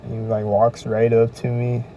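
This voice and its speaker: A man's voice: mid-range voice, completely flat delivery, moderate pace, dark tone, lo-fi sound. A man telling a rambling, profane story in a casual podcast monologue, recorded outdoors near traffic. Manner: rambling, profane, quotes others in raised voice. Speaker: podcast host.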